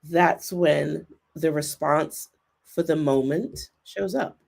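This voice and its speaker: A woman's voice: deep voice, creaky, darkish tone. Earnest, thoughtful woman guest. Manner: thoughtful, earnest, speeds up and slows down. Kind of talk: reflective conversation. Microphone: remote video call.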